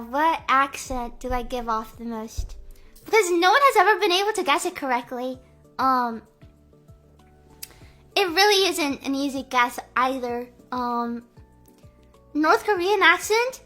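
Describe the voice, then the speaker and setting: A woman's voice: sits high, sharp tone. A young woman streamer chatting casually and playfully on a live stream, full of valley-girl fillers.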